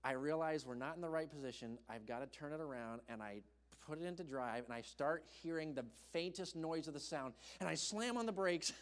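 Animated young preacher in a reverberant hall. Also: male voice, on the high side, fairly quick, few pauses. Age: young adult. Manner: animated, acts out voices in his stories. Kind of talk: storytelling sermon. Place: church hall.

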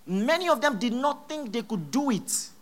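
In church, a pastor preaches a sermon emphatically, repeating key phrases and bursting into sudden loud exclamations. His voice is mid-range and sing-song at a normal speed.

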